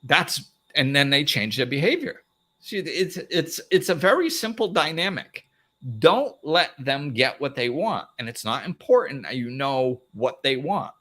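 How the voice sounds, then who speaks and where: A man's voice: a little high, unhurried. A man hosting a live motivational talk, speaking plainly and acting out little dialogues. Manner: animated, acts out little dialogues, plain-spoken. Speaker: host.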